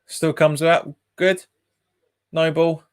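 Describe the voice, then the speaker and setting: A man's voice: on the high side, level tone, slow, smooth. Chatty guy on a match stream. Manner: chatty, laughs often, reads viewer comments aloud. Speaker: football watch-along streamer. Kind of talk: casual live commentary and chat.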